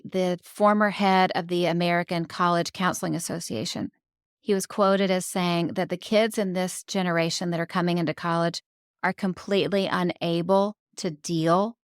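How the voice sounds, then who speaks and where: A woman's voice: mid-range voice, dry recording, studio quality. A woman author being interviewed on a podcast, telling stories reflectively and raising her voice on key points. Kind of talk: conversational interview.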